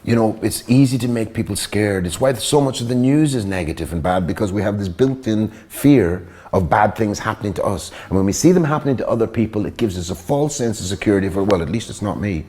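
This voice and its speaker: A man's voice: on the low side, expressive, fairly quick, hardly any pauses, mellow. An Irish man speaking in a documentary interview, indignant and emphatic, firing rhetorical questions. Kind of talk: impassioned commentary.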